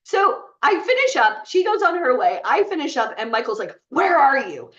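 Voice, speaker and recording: A woman's voice: sits high, big pitch swings, normal speed, fairly bright tone, recorded from a distance, lo-fi sound, a little hiss or hum. A woman speaking to a live group, retelling a personal story in a chatty way with many fillers. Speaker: bootcamp speaker.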